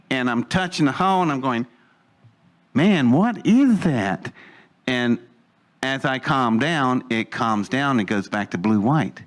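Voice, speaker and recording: Older male storyteller, mid-pitched voice, lively and chuckling, voice jumps up with excitement. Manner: animated, laughs mid-sentence, jumps higher when excited. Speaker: eyewitness storyteller. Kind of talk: first-person storytelling.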